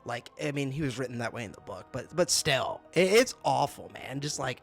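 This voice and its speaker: A man's voice: mid-range voice, animated, moderate pace, vocal fry, fairly bright tone, soft background music. A young man hosting a casual review channel, exasperated and laughing, often stammering and repeating himself. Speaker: booktuber host.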